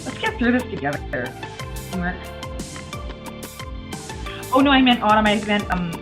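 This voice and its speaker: A woman's voice: mid-range voice, animated, moderate pace, music in the background. A woman hosting a casual writing livestream, chatting bluntly and rambling with frequent laughs. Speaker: livestream host.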